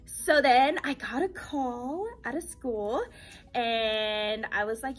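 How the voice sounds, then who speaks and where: A young woman and teacher, telling her story casually in a vlog, animated and repeating phrases for emphasis. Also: on the high side, measured pace, faint music behind.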